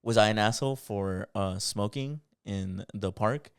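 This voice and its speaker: A young man co-hosting a podcast, telling a story in a casual, animated way and swearing a lot. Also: lowish voice, a little slow, clear, resonant tone, no echo, clean studio sound. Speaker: podcast co-host.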